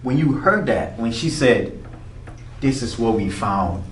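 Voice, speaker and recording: A man's voice: mid-range voice, expressive, measured pace, distant mic. A man hosting an interview, responding with frequent murmurs and laughing along with his guest. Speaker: show host. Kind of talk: casual interview. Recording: echoey room with faint room noise.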